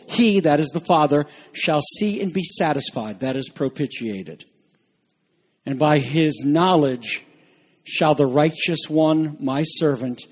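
A husky-voiced man delivers an impassioned sermon. His voice sits a little high and carries an airy rasp. He climbs to ringing shouts, then sinks to quiet, weighty murmurs. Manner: impassioned preaching, swinging from soaring shouts to hushed low tones. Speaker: pastor.

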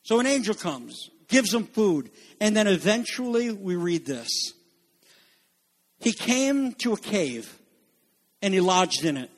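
A man's voice: sits high, very animated, slow. A man preaching a sermon with dramatic, emphatic delivery. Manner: dramatic, emphatic preaching with swings between loud and hushed.

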